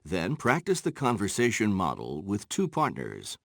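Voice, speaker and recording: A man narrating textbook exercises in a slow, instructional way, with a gravelly voice. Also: fairly low pitch, huge pitch swings, a bit bright, no room sound, clean studio sound. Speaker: course narrator.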